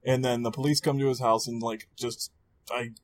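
A man co-hosting a casual film podcast at an ordinary male pitch. He recaps scenes in a dry, unhurried way. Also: flat delivery. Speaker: podcast co-host. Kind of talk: casual film review chat.

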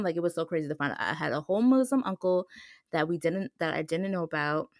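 A young woman talks on her podcast with a lowish voice, leaning heavily on "like" as she chats. She springs into lively retellings of what other people said. The sound is close and dry, with no room around her. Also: fast, dry recording. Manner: chatty, heavy use of "like", animated when retelling others. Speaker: podcast host. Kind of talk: casual personal storytelling.

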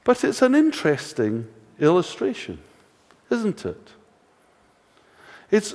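Older scottish guy preaching, lively up and down voice, lots of "do you know what i mean", echoey church. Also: high-pitched, takes it slowly. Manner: conversational, rhetorical questions, dry self-mocking humour. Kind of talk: sermon. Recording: long reverb of a church hall.

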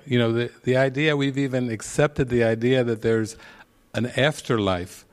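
A man's voice: mid-range voice, steady tone, moderate pace, clean tone. A man speaking as a spiritual teacher at a retreat, telling stories, asking pointed questions and chuckling at his own points. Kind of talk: retreat talk.

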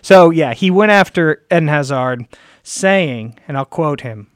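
A man's voice: fairly high pitch, animated, measured pace, dry recording. Chatty man on a dry mic. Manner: rambling, chatty, trails off and restarts. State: tired, yawning. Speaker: podcast co-host. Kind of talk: casual sports chat. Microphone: close studio mic.

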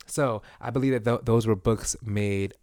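A man with a fairly low, steady, slightly mellow voice that's clear and resonant talks at a moderate pace, recorded at studio quality with no room sound. As a podcast co-host in a casual chat, he's chatty and wanders off track, using plenty of fillers.

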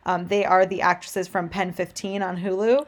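A woman's voice: on the low side, little pitch movement, normal speed. A woman with a Michigan accent co-hosting a casual chat, enthusiastic and casually swearing. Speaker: podcast co-host.

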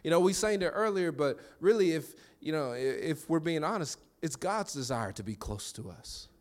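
A man preaching with a fairly high-pitched voice. He talks in a loose, conversational way, restarting phrases quickly. He draws the congregation into call-and-response. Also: lively intonation. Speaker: pastor. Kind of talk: sermon.

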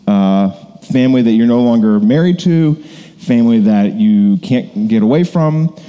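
A man's voice: mid-range voice, expressive, measured pace, dark tone, clear, resonant tone, lo-fi sound. A man preaching a conversational sermon, rambling with many fillers and self-corrections. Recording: long hall reverb.

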